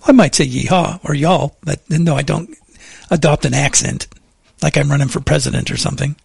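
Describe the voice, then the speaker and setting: Gravelly-voiced radio traffic man. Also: fairly high pitch, brisk, no room sound. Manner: chatty, wry, then steady report reading. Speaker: radio traffic reporter and co-host. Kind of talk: casual radio chat and traffic report. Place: radio studio. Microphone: studio mic.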